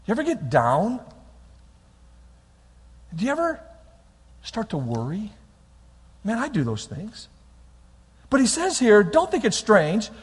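High-voiced man preaching in a reverberant hall. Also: breathy edge. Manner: lively preaching, swinging between quiet and loud. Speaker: pastor. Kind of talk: sermon.

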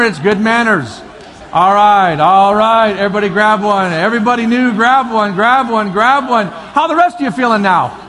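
A man preaching as a pastor, energetic and coaxing, often repeating his calls to the crowd. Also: high voice, moderate pace. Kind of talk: lively sermon demonstration. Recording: long hall reverb, faint crowd.

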